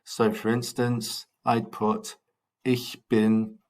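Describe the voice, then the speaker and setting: A man teaching German numbers in a recorded classroom lesson. He speaks in a fairly low voice and takes everything very slowly, repeating words for pupils. His asides to the class are cheerful and encouraging. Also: flat delivery, darkish tone. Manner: slow, patient drilling with repeated counting. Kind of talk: recorded language lesson for children.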